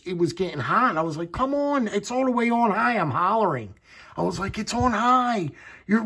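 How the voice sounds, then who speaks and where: Rambling, excitable man reviewing gear. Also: fairly high pitch. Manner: rambling, excitable storytelling with laughs. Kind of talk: casual product vlog.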